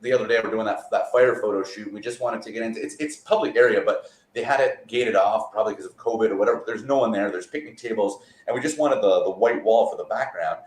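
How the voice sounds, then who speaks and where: A man's voice: lowish voice, fast, few pauses. A man as a guest magician, telling rambling stories in a laid-back way over a remote call from a borrowed apartment. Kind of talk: casual interview chat. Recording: roomy echo.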